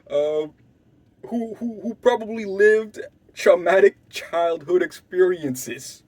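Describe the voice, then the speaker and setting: A man's voice: high-pitched, no room sound. A young man from Canada telling a wild story in casual slang, swearing freely and acting out other people's lines. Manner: animated, swearing, acts out quotes loudly and softly.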